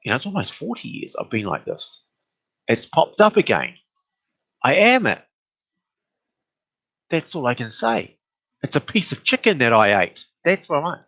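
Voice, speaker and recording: A man's voice: moderate pace, gravelly, pauses often, no room sound. A man telling a story about an argument in a casual, exasperated way. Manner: animated, exasperated retelling with rising pitch.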